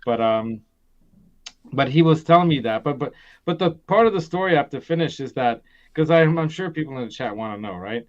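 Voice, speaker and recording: Male stream host, middle pitch, rambling chatty delivery, lo-fi dull audio. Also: animated, fairly quick. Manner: rambling, laughs often, many restarts. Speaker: host of a gear live stream. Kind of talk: casual live-stream chat.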